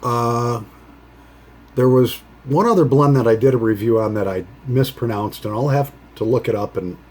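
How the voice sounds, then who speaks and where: A man hosting a pipe-smoking vlog, chatting casually in a rambling, halting way with many fillers. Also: medium pitch, a little mellow. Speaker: pipe-smoking channel host.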